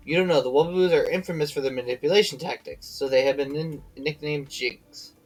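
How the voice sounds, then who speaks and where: A man's voice: fairly high pitch, fairly even intonation, a little fast, faint music behind, rough recording. A tired man streaming a game, reading its dialogue aloud with slips and self-corrections, breaking off to chat and yawning.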